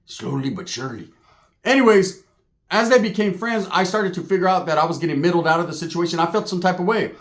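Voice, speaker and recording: Fast-talking, with a high voice and a fairly bright tone, a man recounts a street story. His telling is streetwise and profane; he keeps laughing and mimics other people's voices.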